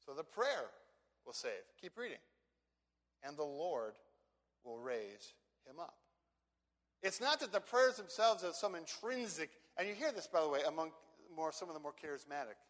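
A man with a high-pitched voice delivers an expository sermon in a church sanctuary. He is emphatic, repeats words, and slows down to stress key phrases. A long hall reverb trails every phrase. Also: animated, fairly bright tone. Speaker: pastor.

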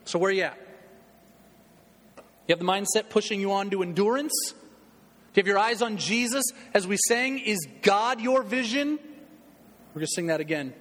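A man's voice: high voice, normal speed, long pauses, fairly bright tone, in a large hall. A man preaching a sermon as pastor in a church, urging his listeners earnestly and repeating his calls to action.

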